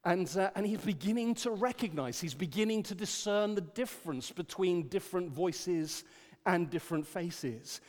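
An older man preaching a sermon, rising to emphatic declarations and dropping to quiet storytelling. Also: high-pitched, lively intonation, normal speed. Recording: long hall reverb.

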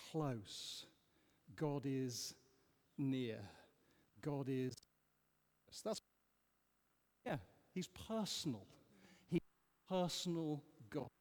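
Guy preaching in a church, kinda high voice, asks the room lots of questions, long echo. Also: a little mellow. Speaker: preacher leading a Bible study. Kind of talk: interactive sermon with congregation. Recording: echoey church hall.

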